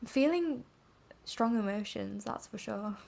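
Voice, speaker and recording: A woman's voice: a little high, animated, unhurried, gravelly, a little mellow. A woman co-hosting a casual live stream, wry and playfully dry. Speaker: co-host.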